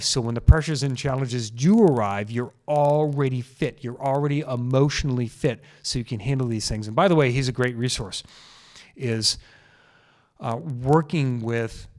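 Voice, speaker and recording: A man's voice: mid-range voice, a little mellow. A man hosting a solo health podcast, talking into a microphone in an earnest, casual way and repeating key phrases for emphasis. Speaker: chiropractor podcast host.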